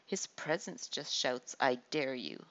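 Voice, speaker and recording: A woman's voice: extremely low pitch, big pitch swings, slow pace, fairly bright tone, muffled recording, voice pushed down, full character voice. A woman voicing an earnest, eager teenage boy training to be a soldier.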